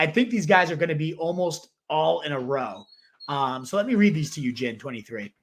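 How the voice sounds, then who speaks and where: A man hosting a casual fantasy football livestream, answering viewer comments in a rambling, halting way with lots of fillers. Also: sits high, a bit bright. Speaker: fantasy football show host.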